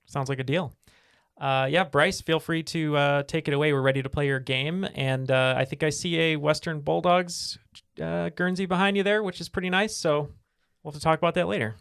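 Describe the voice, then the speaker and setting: A man hosting a podcast in a chatty, upbeat tone, filling his pauses with "uh". His voice has a noticeable vocal fry. The sound is dry and close, with no room around it. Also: a little high, fairly even intonation, fairly bright tone, dry recording. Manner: chatty, filler-heavy, upbeat. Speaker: podcast host. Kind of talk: casual podcast chat.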